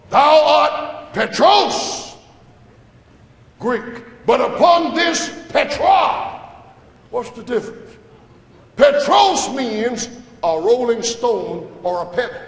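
A man preaching a sermon in a church, dramatic and emphatic, rising to shouts and dropping to hushed asides. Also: high voice. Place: church sanctuary. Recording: echoey church hall with long reverb.

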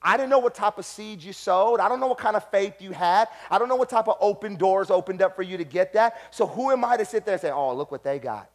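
A pastor preaching a sermon, animated, swinging between quiet asides and loud, shouted points. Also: male voice, high voice, quick pace, few pauses.

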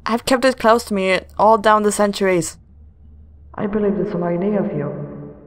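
A gamer reading aloud as the ghost of a drowned young twin girl, slow, hushed and distant. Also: medium pitch, roomy sound, big-room sound, lightly acted. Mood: mournful. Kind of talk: reading game dialogue aloud.

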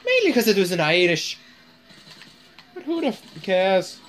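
A woman commentating on her own gameplay in a loose, casual way, swearing freely. She speaks slowly and drawls her words. Her pitch swings widely and expressively. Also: sing-song. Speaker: gamer. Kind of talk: gaming commentary.

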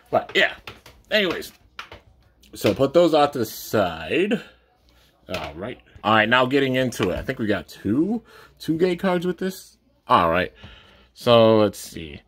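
A man's voice: fairly low pitch, a little hiss or hum. A young man casually unboxing and reviewing toys, enthusiastic and rambling, full of slang. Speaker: toy reviewer.

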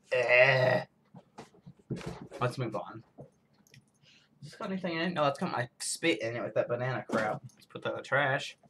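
A man's voice: mid-range voice, fairly bright tone, slight background noise. A man from the United States rambling through a casual snack taste-test vlog, full of self-mocking asides. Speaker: vlogger.

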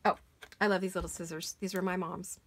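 Gravelly-voiced woman chatting while crafting. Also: fairly low pitch, flat delivery, fairly quick, a little hiss or hum. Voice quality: gravelly, froggy voice today. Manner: chatty, rambling, talks while working with hands. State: hoarse. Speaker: crafting channel host. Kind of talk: casual craft chat. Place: home craft studio. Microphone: camera mic while sitting back from a craft table.

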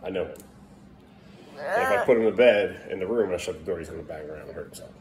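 With a crowd audible behind him, a young dad speaks in a low, expressive voice at a fast clip. He's a parent vlogger filming a casual bedtime home vlog, talking to his kids and snapping at them now and then. Exasperated, he scolds in short bursts.

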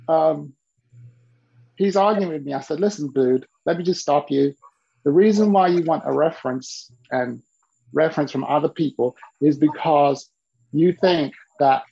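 Man, gravelly husky voice, animated storytelling, dull lo-fi call audio. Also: fairly high pitch. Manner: animated, acts out quoted voices. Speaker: business mentor. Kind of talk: storytelling to an interviewer.

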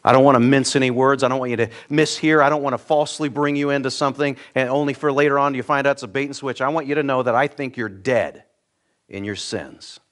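A middle-aged man from the United States, preaching a sermon in a church, earnest and direct, swinging between loud emphatic peaks and quiet low asides. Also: fairly even intonation, fast. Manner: earnest, direct, repeats words when starting a thought. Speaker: pastor.

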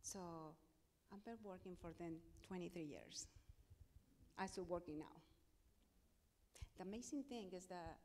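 A woman's voice: fairly low pitch, darkish tone. Spanish-accented woman pastor giving testimony. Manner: emphatic storytelling, acting out quoted dialogue. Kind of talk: testimony in a sermon. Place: church sanctuary. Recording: long hall reverb.

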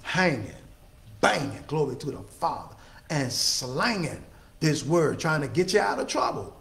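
High-pitched preacher guy, drawn-out emphatic lines, roomy echo. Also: sing-song, creaky, a bit bright. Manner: call-and-response preaching, drawn-out emphatic phrases. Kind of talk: sermon.

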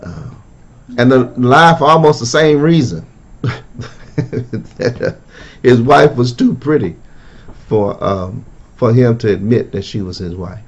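Pastor musing through a Bible study. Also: male voice, mid-range voice, expressive. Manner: conversational, musing, drawn-out phrasing. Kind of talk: interactive Bible study teaching.

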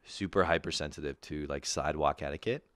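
A man's voice: very deep voice, quick pace, no room sound, clean studio sound. A man hosting a casual, profane comedy chat, ranting with lots of swearing and laughter. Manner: animated ranting, swears a lot, laughs often. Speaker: podcast host.

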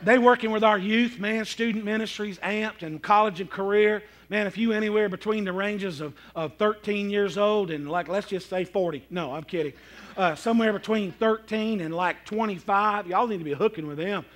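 A man preaching a sermon as pastor, folksy and animated, breaking into sudden shouts and joking asides to the congregation. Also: high-pitched, normal speed. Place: church sanctuary.

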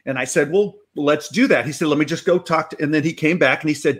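A middle-aged actor telling a long anecdote as a guest, animated and acting out the dialogue. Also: male voice, fairly high pitch, measured pace. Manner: animated, acts out dialogue in quotes. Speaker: actor guest on a reunion show. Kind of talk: anecdotal storytelling.

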